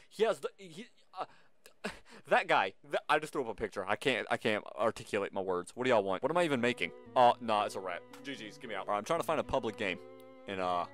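A man hosting a gaming channel, giving casual gameplay commentary and playfully bantering with the game's customers. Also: mid-range voice.

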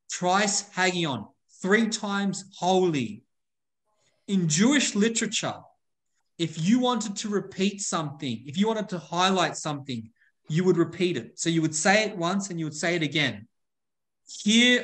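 A male pastor with a high voice delivers a sermon. He leans hard on key words, slows down to stress them and repeats phrases for weight.

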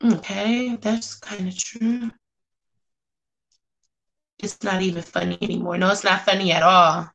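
A woman's voice: medium pitch, fairly even intonation, measured pace, vocal fry, pauses often, fairly bright tone. A woman chatting casually on a live stream, reading comments aloud and reacting with sass. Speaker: vlogger reading live chat.

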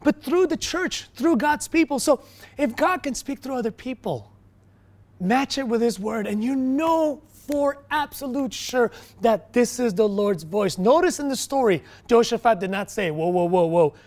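A male pastor preaching a sermon, swinging from quiet, low stretches to loud, emphatic bursts, with frequent restarts. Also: expressive, normal speed.

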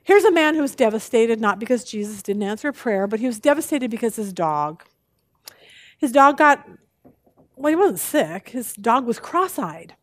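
A woman teaching a women's Bible study, animated and expressive, telling jokes as she speaks. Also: on the high side, moderate pace, no echo.

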